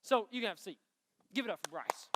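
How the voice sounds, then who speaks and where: A man preaching a lively youth sermon from a stage, emphatic and joking with the students. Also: high-pitched, quick pace, background noise. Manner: energetic, emphatic, bantering with the audience. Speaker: youth pastor. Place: stage in a large hall before a student crowd. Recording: long hall reverb.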